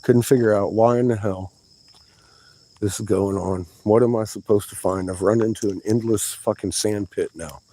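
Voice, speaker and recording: A man's voice: on the low side, steady tone, moderate pace, warm tone, a little hiss or hum, rough recording. A man giving a rambling vlog monologue outdoors, swearing often and sounding agitated as he exclaims. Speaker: vlogger. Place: outdoors in a yard.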